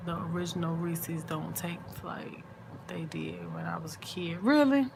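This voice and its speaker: Woman, middle-aged, sleepy, chatty late-night vlog talk, lowish voice, faint hiss. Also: monotone, vocal fry. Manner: chatty and drawn-out, soft and sleepy, murmured asides. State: sleepy, yawning. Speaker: vlogger on a late-night livestream. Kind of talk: casual late-night chat with viewers.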